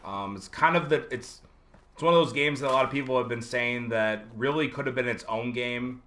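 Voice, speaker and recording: A man's voice: mid-range voice, fairly quick, pushed and bright, slight background noise. A man streaming a video game live, chatting casually and rambling with many fillers while answering viewers.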